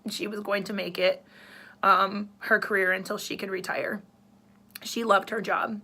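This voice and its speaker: Earnest, emotional woman with a bright voice. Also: mid-range voice, level tone, unhurried, vocal fry. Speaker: radio host. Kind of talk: personal story to camera.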